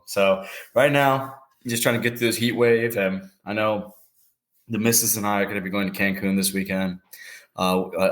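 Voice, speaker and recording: Deep laid back guy, easy chat on sports radio, lots of likes. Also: a bit bright. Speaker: guest co-host. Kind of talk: casual sports talk.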